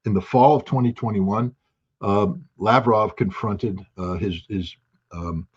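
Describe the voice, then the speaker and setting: A man giving forceful, sarcastic political commentary as a guest analyst, with a husky voice. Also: fairly low pitch, measured pace, lo-fi sound. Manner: forceful, sarcastic, quotes leaders in mock voices.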